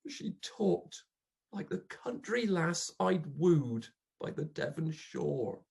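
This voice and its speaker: A reader performing a dramatic poetry recitation as a grief-stricken old male pauper, bitter and accusing, swinging melodramatically from hushed to loud. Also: mid-range voice, big pitch swings, takes it slowly, gravelly, breathy edge, full character voice. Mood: grieving.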